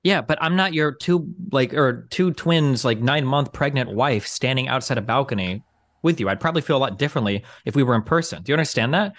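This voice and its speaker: A man's voice: medium pitch, a little fast, no room sound. A man in a heated online debate, pressing his opponents, interrupting and demanding yes-or-no answers over a video call.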